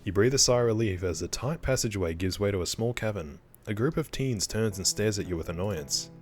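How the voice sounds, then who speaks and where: A let's play gamer reading a horror visual novel's narration aloud in a low, steady male voice. His delivery is plain and even, with faint music under it. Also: fairly quick, few pauses.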